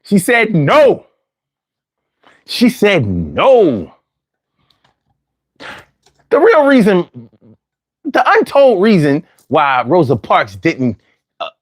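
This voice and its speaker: A man's voice: a little high, slightly rough, no echo, clean studio sound. A man hosting a call-in talk show, talking with lots of repetition and street slang. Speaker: host.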